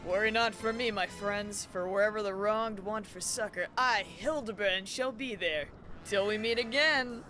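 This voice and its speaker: A woman voicing a flamboyant gentleman inspector who declaims in a pompous, theatrical way, with game music behind. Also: mid-range voice, moderate pace, lightly acted. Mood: grandiose.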